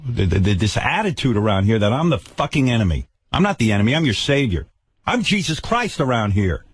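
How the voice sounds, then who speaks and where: A man's voice: mid-range voice, big pitch swings, brisk, husky. An older man hosting a radio show, ranting with profane sarcasm and stammered repeats. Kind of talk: angry on-air rant. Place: radio studio.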